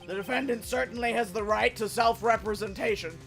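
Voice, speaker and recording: A woman's voice: fairly high pitch, fairly even intonation, fairly quick, vocal fry, fairly bright tone, faint music behind. A woman voicing a hesitant older male judge who wavers over his rulings, reading game dialogue aloud.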